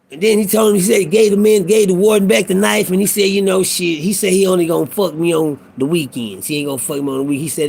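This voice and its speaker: A man's voice: fairly high pitch, fairly even intonation, a little fast, vocal fry, a little mellow, a little hiss or hum. A middle-aged man talking in a casual monologue, telling a profane, preachy prison story in street talk. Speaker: vlogger.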